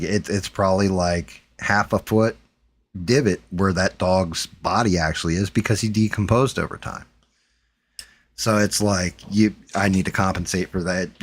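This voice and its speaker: A man's voice: low-pitched, breathy edge. A man hosting a livestream, talking in loose, rambling casual chat and swearing freely. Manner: rambling, swears freely, slips into mock voices. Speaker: livestream host.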